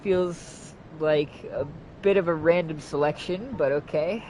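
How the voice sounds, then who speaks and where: Excitable, profane young man streaming a game. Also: on the high side, a little slow, slight background noise. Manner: excitable, profane, thinks out loud. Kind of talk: casual gameplay commentary. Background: game music.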